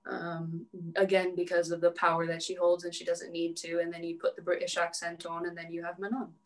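A woman's voice: on the low side, monotone, a little fast. A young adult woman guest on a podcast, chatting casually about cosplay, peppering her talk with "like" and laughing often. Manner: chatty, heavy use of "like", frequent laughs. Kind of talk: casual interview chat.

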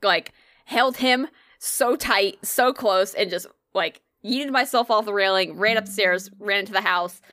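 A woman telling a story in casual chat, animated and swearing freely. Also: mid-range voice, a little slow, dry recording, studio quality.

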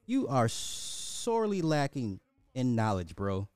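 A man hosting a livestream, chatting casually with his viewers in a teasing, animated way. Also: slow pace, smooth, no echo, clean studio sound. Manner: animated, teasing, swoops in pitch. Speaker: livestream host.

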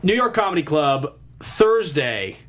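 A man's voice: fairly high pitch, very animated, measured pace, a bit bright. A man co-hosting a casual studio podcast, talking in an upbeat, promotional way. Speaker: co-host.

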